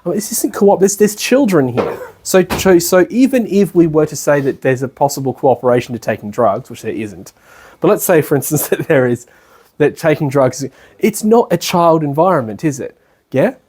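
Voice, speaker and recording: An Australian man lecturing in a relaxed, colloquial way, his voice a little husky and pitched slightly high for a man. He keeps checking in with the room and slips into short impressions of people. It sounds like a talk in a retreat lecture room. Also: normal speed. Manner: chatty and colloquial, often checks in with listeners, acts out people he describes. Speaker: spiritual lecturer. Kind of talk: casual spoken lecture.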